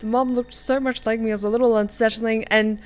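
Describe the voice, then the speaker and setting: A woman streamer, chatty and excitable, reading a story game aloud and chatting with her viewers. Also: fairly high pitch, brisk, soft background music. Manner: chatty, excitable, many fillers and asides.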